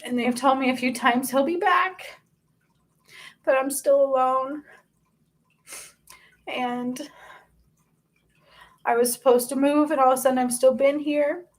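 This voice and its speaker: A woman's voice: sits high, little pitch movement, measured pace, long pauses. A woman speaking as a spiritual channel host. She gives an earnest, confessional personal testimony and often stops and restarts mid-sentence. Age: adult.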